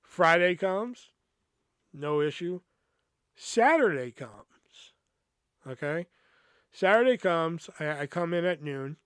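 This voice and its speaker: A man with a fairly high voice tells a story in a loose, swearing, rambling way, the kind of casual retelling a podcast host gives. The sound is dry and close, with no room around it. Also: takes it slowly, pauses often, clean tone, no echo. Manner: profane, rambling, animated retelling.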